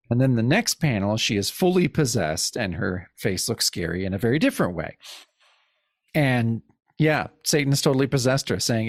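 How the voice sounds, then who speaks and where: Brief: gravelly man, podcast co-host, easygoing, laughs while reading, dry close sound. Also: mid-range voice, very animated, fairly quick, dry recording. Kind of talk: casual chat, reading comic panels aloud.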